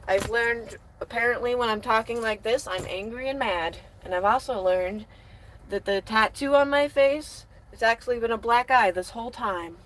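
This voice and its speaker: Young woman from the US, casual livestream talk, dry sarcasm at the chat, phone mic in a van with a faint hum behind, slow pace, fairly high pitch. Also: a bit bright. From United States. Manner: sarcastic, talks back to chat; coos at her dog. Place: inside her van.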